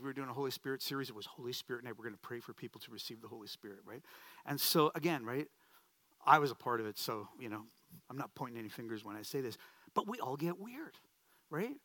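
Bright-voiced male pastor preaching. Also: medium pitch, dry recording. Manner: storytelling sermon with humorous asides and repeated phrases. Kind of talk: sermon.

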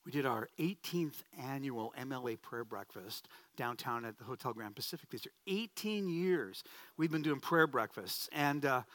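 Lively male pastor, bright dry voice. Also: medium pitch, dry recording. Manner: animated, self-deprecating storytelling with many restarts. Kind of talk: sermon.

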